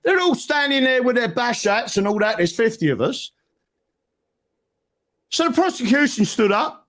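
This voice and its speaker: Bloke telling a story, keeps going "right?", voice up high and bouncing all over. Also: male voice, normal speed. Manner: animated, emphatic, keeps tagging "right?". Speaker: guest. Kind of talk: casual storytelling chat.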